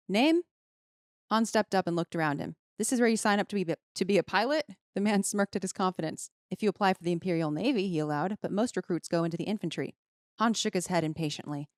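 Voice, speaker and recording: A woman's voice: fairly low pitch, no room sound, clean studio sound. A woman on a podcast reading a book passage aloud and voicing its dialogue. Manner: reads prose aloud with voiced dialogue. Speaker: guest commentator.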